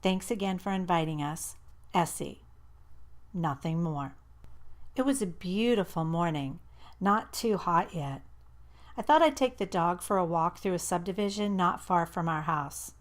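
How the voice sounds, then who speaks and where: A woman reading a first-person novel aloud in a steady, measured narration. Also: on the low side. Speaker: audiobook narrator.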